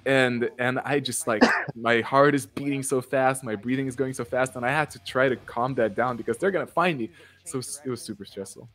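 A man hosting a casual livestream chat, telling stories excitedly and laughing often. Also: medium pitch, brisk. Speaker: show creator and host.

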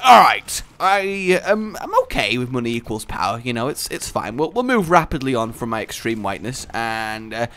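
A young man talking through gameplay in an energetic, jokey, rambling way, full of silly asides. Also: medium pitch, moderate pace, hardly any pauses. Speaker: gaming YouTuber. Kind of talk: gameplay commentary.

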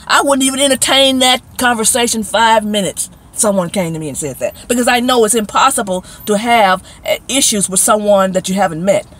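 A woman's voice: fairly high pitch, a bit bright, rough recording. A middle-aged woman hosting her own commentary channel. She talks casually and emphatically, scolding and speaking straight to her viewers.

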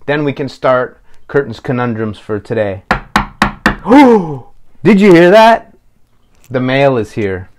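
A man hosting a children's puppet show, explaining each step to young viewers in a friendly way. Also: medium pitch. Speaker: puppeteer host.

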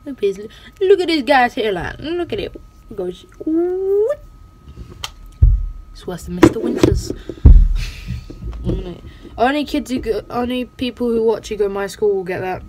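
A woman's voice: fairly high pitch, expressive, normal speed, a little mellow, a little hiss or hum. A playful female host, casually commenting over gameplay with goofy sing-song bits and a habit of saying "bloody". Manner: self-censors swearing, says "bloody" a lot. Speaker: gaming channel host.

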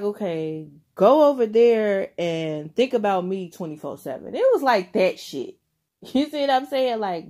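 A woman's voice: mid-range voice, warm tone. A young adult woman giving a casual tarot reading to her viewers, swearing freely and laughing often as she talks straight to the listener. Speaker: tarot reader.

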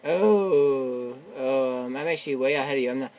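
A young man giving casual, excitable commentary while playing a video game, shouting and swearing, his voice worn from yelling. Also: medium pitch, normal speed. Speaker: gamer. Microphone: tablet on a desk.

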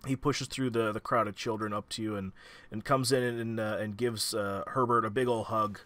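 A man's voice: fairly low pitch, fairly even intonation, brisk, a bit bright, no echo. A young man narrating as game master in a casual tabletop session, with plenty of fillers and restarts.

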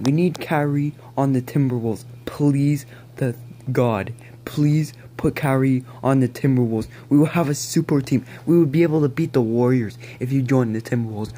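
A man ranting excitedly to camera at home, pleading and rambling as he begs and repeats himself. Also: mid-range voice, slight background noise. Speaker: vlogger. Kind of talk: excited fan rant to camera. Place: at home, near a balcony.

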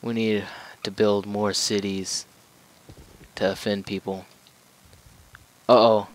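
Low, unhurried man joking through a game. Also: flat delivery, poor audio. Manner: joking, rambling, talks to the game. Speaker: let's play gamer. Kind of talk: casual gameplay commentary.

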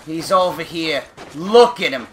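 A young man giving let's play commentary, ranting angrily and profanely, swinging between muttering and shouting. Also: on the high side, expressive, a little slow, a little hiss or hum. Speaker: gamer.

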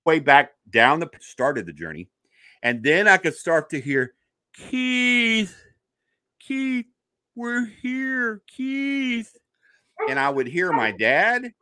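Bright-voiced man telling a personal story. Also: mid-range voice, a little slow, dry recording. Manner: animated storyteller who acts out quoted voices. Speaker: podcast guest, paranormal investigator.

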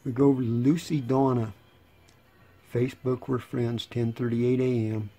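Reading chat messages aloud in a relaxed way, a sixty-something channel host rambles, repeating and restarting words, with dry, sarcastic comments. He speaks in a mid-range, warm voice with a breathy edge, flat in delivery and at normal speed.

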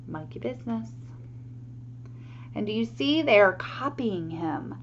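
A woman reading a picture book aloud to children, animated and asking her listeners questions. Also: mid-range voice, measured pace, lo-fi sound, a little hiss or hum. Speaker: storyteller for children.

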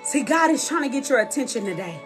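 High-voiced woman preaching with fervor. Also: very animated, fast, soft background music. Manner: passionate, calls the audience sis and y'all. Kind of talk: sermon on a live stream.

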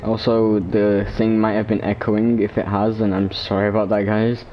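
A man's voice: on the low side, little pitch movement, moderate pace, dull audio, a little hiss or hum. A man commenting on his gameplay in a casual, rambling, joking way at a desk microphone. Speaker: gamer. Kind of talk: casual let's play commentary.

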